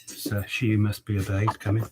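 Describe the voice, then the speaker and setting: A man's voice: lowish voice, completely flat delivery, moderate pace, noisy background. A man, a barber chatting and teasing his customers while he cuts hair in his shop. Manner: cheeky, mock-gruff teasing. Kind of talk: livestreamed casual banter while cutting hair.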